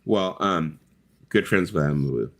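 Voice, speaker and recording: A man's voice: low-pitched, normal speed, gravelly. A middle-aged man hosting a casual live chat, telling rambling stories full of fillers and the odd swear word. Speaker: host.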